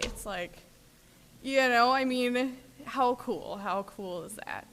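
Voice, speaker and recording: A woman's voice: a little high, unhurried, a bit bright, a little hiss or hum. A woman from Minnesota speaking at a recovery workshop, telling stories in a chatty way full of fillers. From Minnesota, USA. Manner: chatty storyteller, many fillers. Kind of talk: recovery talk, personal sharing.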